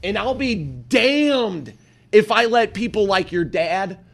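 A man co-hosting a podcast, fired up, backing his partner with loud agreement and swearing. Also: sits high, lively intonation, slow, creaky. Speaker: podcast co-host. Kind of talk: casual profane chat.

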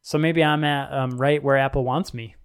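A man's voice: medium pitch, fairly even intonation, normal speed, clean tone. A man co-hosting a podcast in casual tech chat, telling loose anecdotes peppered with "like". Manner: loose, chatty anecdotes full of "like". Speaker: podcast co-host.

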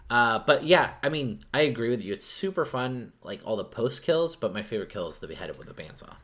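A man's voice: mid-range voice, big pitch swings, brisk, a bit bright. A man co-hosting a casual movie review podcast, rambling with lots of filler words. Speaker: podcast co-host.

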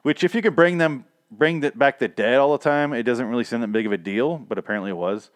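A man's voice: mid-range voice, fast talker, dry recording. A man casually recapping a TV episode, rambling and profane, laughing at his own asides.

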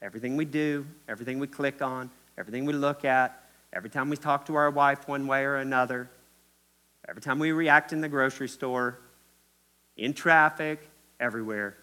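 Kentucky pastor preaching with emphatic repetition. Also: male voice, mid-range voice, steady tone, a little fast, sharp tone. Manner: emphatic, repetitive, addresses the congregation directly. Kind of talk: sermon. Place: church.

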